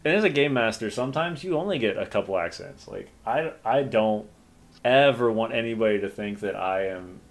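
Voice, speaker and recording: A man with a lowish voice hosts a convention panel as its game master, talking at a moderate pace with lots of animation. He chats casually and rambles, poking fun at himself and filling the gaps with plenty of fillers.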